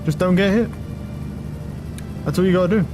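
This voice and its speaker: A young man streaming a game, talking loudly and excitably with lots of swearing to his chat and a friend. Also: high-pitched, normal speed. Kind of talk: casual live-stream commentary. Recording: game music loud behind voice. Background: game music.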